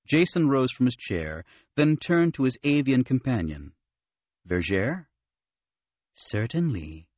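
Guy narrating an audiobook, low voice, very dry, kinda muffled lo-fi. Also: very animated, moderate pace, hardly any pauses, darkish tone, no room sound. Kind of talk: scripted narration.

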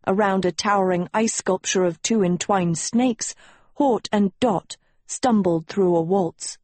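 Woman, audiobook narrator, slow and deliberate, expressive storytelling, dry close recording. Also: medium pitch, no room sound.

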